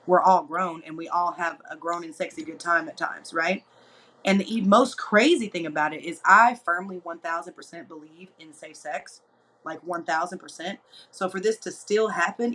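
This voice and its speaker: A woman in her thirties hosting a show, talking candidly and chattily to viewers, slipping into lively quoted asides. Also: fairly low pitch, poor audio. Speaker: host. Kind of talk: candid personal talk to viewers.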